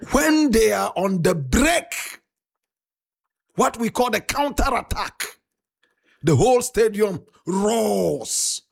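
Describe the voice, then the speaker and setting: A Ghanaian man giving a fervent, preacher-style talk to fans, dramatic and bursting into shouts. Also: high voice, vocal fry, slightly rough.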